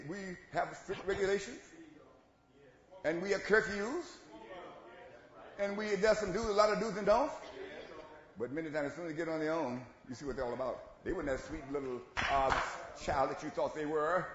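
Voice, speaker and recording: A man's voice: moderate pace, long pauses. Preaching man in an echoey church. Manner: swings from shouting to low asides, laughs between lines. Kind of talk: sermon. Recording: echoey church room, dull lo-fi sound.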